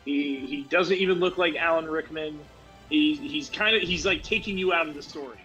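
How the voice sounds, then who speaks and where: A man's voice: on the high side, moderate pace, bright, forceful tone, lo-fi sound, soft background music. A tired man in casual chat while streaming a game, rambling and laughing, with lots of "like". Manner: rambling, laughs often, says "like" a lot.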